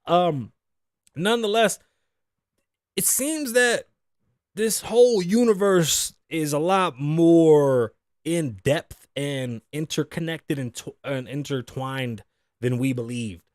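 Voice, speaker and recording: A man's voice: a little high, slow pace, a little mellow, dry recording, clean studio sound. A man in his thirties hosting a solo podcast, rambling through the news in a profane, joking way. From Puerto Rican background. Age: 30s. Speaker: podcast host. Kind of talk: solo casual podcast rant.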